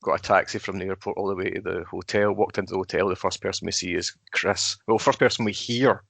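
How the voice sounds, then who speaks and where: A man's voice: sits low, fairly even intonation, quick pace, gravelly, a bit bright, slightly rough, dry recording. A man co-hosting a casual chat, telling stories and acting out what people said. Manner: storytelling, acts out quotes. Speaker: co-host.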